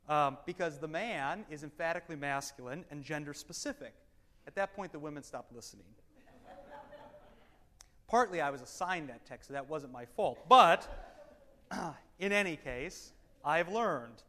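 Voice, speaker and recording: High-voiced man teaching a Bible class. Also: normal speed. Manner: animated, swings between loud emphasis and quiet asides; wry, self-deprecating humor. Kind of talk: Bible study lecture.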